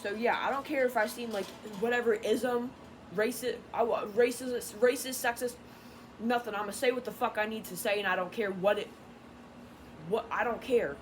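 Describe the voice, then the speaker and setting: A woman tarot reader ranting in an unscripted vlog, irritated and profane, rambling and getting louder. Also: a little high, fairly even intonation, moderate pace, a little hiss or hum, poor audio. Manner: grows louder and more heated.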